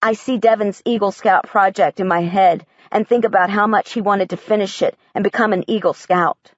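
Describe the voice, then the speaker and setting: A woman's voice: mid-range voice, steady tone, normal speed, no room sound, highs cut off. A woman reading a first-person audiobook in a plain, matter-of-fact storytelling voice. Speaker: audiobook narrator.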